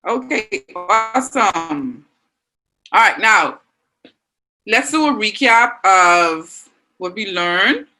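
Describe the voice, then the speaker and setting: A woman's voice: mid-range voice, lively intonation, slow, long pauses, bright, forceful tone, rough recording. Encouraging Bahamian woman teaching online. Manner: encouraging, reads out student answers. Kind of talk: online class lesson.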